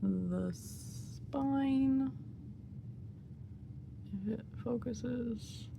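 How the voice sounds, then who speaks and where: Giddy young woman with a gravelly voice. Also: fairly high pitch, very slow, noisy background. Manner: giddy, gushing, laughs often. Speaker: unboxing vlogger. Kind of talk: excited casual unboxing chat.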